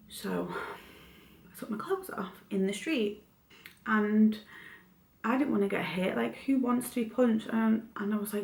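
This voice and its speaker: A woman's voice: medium pitch, steady tone, moderate pace, creaky, darkish tone. A young woman telling a personal story in a rambling, casual vlog, with lots of fillers and restarts. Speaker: vlogger. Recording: echoey room.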